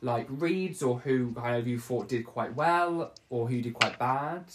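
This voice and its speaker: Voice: mid-range voice, a little slow, slight background noise. A podcast host rambling through a casual chat and laughing often.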